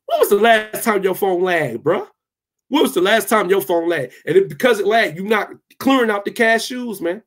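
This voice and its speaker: A man's voice: high voice, lively intonation, normal speed, fairly bright tone. A young man hosting a tech channel, ranting heatedly and casually while reading his live chat. He repeats himself a lot and swears freely. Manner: fired up, repetitive, swears freely.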